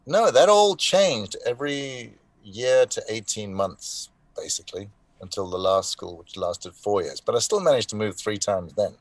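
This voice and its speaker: A male voice actor, a guest in a live online interview, telling animated anecdotes with restarts and asides. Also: fairly low pitch, normal speed, dry recording. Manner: animated anecdotes with frequent restarts and 'you know'. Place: lives in Denmark.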